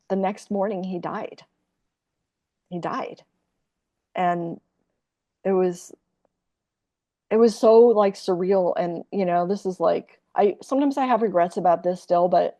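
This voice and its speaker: Woman, 60s, lowish voice, podcast guest, candid story, rambling, swears freely. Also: warm tone, dull audio. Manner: rambling and profane, heavy with "like" and restarts.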